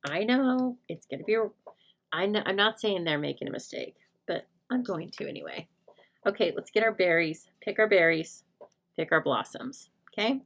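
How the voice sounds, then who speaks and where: Chatty woman with a gravelly voice. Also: medium pitch, animated, normal speed. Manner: chatty, jokey, thinking aloud while working. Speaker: stamping crafts demonstrator. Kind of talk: live crafting tutorial chat.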